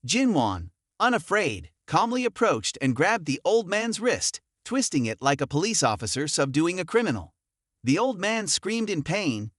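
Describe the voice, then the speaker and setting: A man narrating a comic recap in a brisk, animated storytelling manner. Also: a little high, no room sound, clean studio sound.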